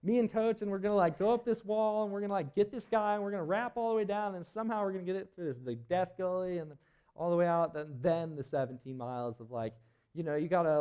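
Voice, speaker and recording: Young guy with a slightly high voice, rambling story onstage, keeps laughing and saying like. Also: warm tone, smooth, lo-fi sound. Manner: rambling, laughing, full of "like" fillers. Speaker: presenter at a climbing event. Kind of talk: storytelling talk to a live audience. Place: auditorium.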